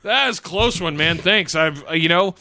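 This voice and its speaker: A man's voice: fairly high pitch, lively intonation, normal speed, bright, forceful tone, heavily acted. A man voicing a freed male prisoner, grateful but lazy, rambling and drawling with swearing. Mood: relieved.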